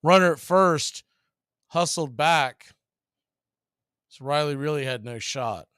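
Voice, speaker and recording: Smooth, dry-voiced baseball play-by-play man. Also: a bit bright, no room sound. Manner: partisan home-team calls, brisk pitch-by-pitch delivery. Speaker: radio play-by-play announcer.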